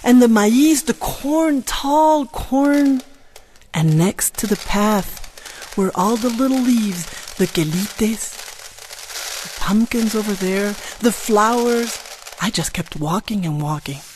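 A woman telling a first-person tale with strong expression, moving from hushed to loud with drawn-out repetitions. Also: mid-range voice, animated, a little hiss or hum. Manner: drawn-out repetitions and soft exclamations. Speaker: storyteller. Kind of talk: dramatic first-person storytelling.

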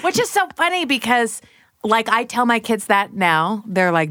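A woman's voice: on the high side, big pitch swings, normal speed, bright, forceful tone, no echo, studio quality. A middle-aged woman hosting a podcast, chatting casually and laughing at herself. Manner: chatty, self-deprecating, laughs easily. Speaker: podcast host. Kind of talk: casual chat.

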